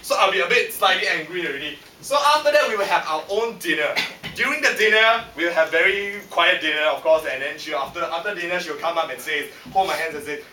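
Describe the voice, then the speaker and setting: A man with a Singaporean English accent giving a humorous contest speech in a lively, punchy way that teases the audience, recorded in a function room by a far camera. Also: high voice, quick pace. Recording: echoey hall from far off.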